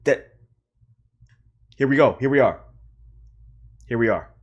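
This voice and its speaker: A man's voice: mid-range voice, expressive, slow, breathy edge, muffled recording. Streamer host, male, casual and fired up, repeats lines for emphasis, swears a lot. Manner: repetitive, heated, swearing, laughing. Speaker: livestream host. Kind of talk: casual livestream rant.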